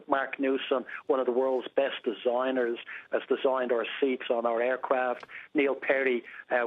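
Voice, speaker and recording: A man who runs an airline, giving a business news interview over a remote link, upbeat and on-message, with many uh and um fillers. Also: mid-range voice. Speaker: airline chief executive. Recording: phone-like remote line.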